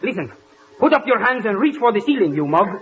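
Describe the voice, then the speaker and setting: A man doing a high-voiced bumbling mimic. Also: sing-song, brisk. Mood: eager. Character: eager Latin male mimic, bumbling. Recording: muffled old radio recording with hiss.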